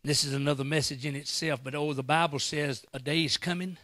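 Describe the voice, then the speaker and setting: Male guest preacher, high bright voice, dry close sound, slow dramatic delivery. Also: fairly even intonation, no echo. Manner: preaching with sudden loud bursts and acted quotes. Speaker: guest pastor. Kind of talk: sermon. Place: church.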